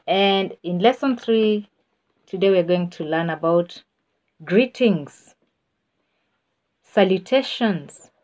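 Female teacher, unhurried and patient, repeats words for learners, mid pitch, dull low-fi recording. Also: darkish tone. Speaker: French teacher. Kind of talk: slow spoken language lesson.

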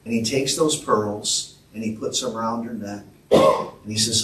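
A man's voice: on the low side, fairly even intonation, measured pace, fairly bright tone, slight background noise. A male pastor preaching an earnest, emphatic sermon and calling out to his congregation. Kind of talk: sermon with storytelling. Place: church sanctuary. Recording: echoey church room from a distance.

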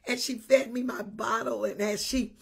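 A woman's voice: fairly high pitch, steady tone, moderate pace, gravelly, breathy edge. A woman bishop preaching a livestream sermon, greeting viewers by name and repeating her points emphatically with frequent hallelujahs.

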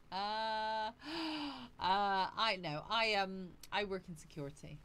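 A woman's voice: medium pitch, slow pace, a bit bright, clean tone. A woman on a casual livestream, chatting breezily, greeting viewers by name and laughing often. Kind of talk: casual live chat reading out viewer comments.

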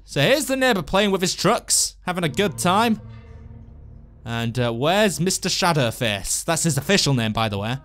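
An excitable man commentates a video game and cracks jokes at the characters on screen. His voice sits fairly high and leaps up and down in pitch, with big swings from calm remarks to yelps. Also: normal speed. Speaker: let's play host. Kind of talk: gameplay commentary.

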